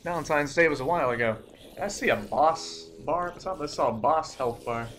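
Excitable swearing young man gaming. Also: fairly high pitch, brisk, slight background noise. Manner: excitable, swears often, startled outbursts. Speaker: let's play gamer. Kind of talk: live gameplay commentary.

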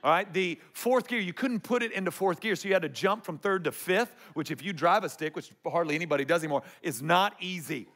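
A man preaching a sermon, his voice sitting fairly high for a man. He tells stories to the congregation with a playful, joking humor, like a pastor in a church auditorium. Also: fairly quick, few pauses, a bit bright.

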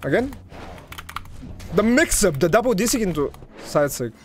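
Excitable man, lively high voice. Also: unhurried. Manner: excitable, swings from loud hype to low muttering; talks to viewers as "guys". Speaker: gaming video creator. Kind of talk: live gameplay commentary.

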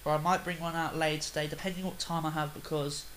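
A young Australian man rambling through casual game commentary, chatty, with sudden loud excited outbursts. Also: a little high, fast talker, slight background noise, poor audio. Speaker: gaming video host.

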